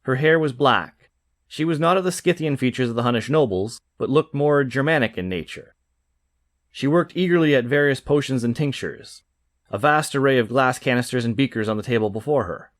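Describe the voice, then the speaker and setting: Male narrator for comic fiction, animated reading, dry sound. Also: mid-range voice, fairly quick, no room sound. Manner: lively, expressive reading. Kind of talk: audiobook narration.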